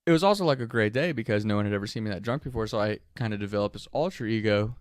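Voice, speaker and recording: A man casually telling a story, animated and profane, often laughing as he talks. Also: fairly low pitch, rapid-fire, no echo, clean studio sound.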